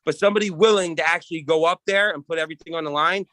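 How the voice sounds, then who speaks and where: Cocky guy talking trash about his next arm wrestling match, fairly high and bright, dry sound. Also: racing, no echo. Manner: brash, profane, boastful. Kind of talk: casual trash-talk chat.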